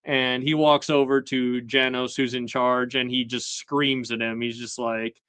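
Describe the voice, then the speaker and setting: A man hosting a casual episode recap chat, talking in a relaxed way with lots of fillers and chuckling asides. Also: medium pitch, a little slow, few pauses, smooth, no room sound. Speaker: show host.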